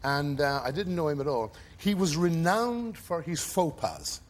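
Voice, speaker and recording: A man's voice: a little high, very animated, a little slow. A man telling a rambling anecdote as a guest on a talk show. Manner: rambling, roundabout storytelling.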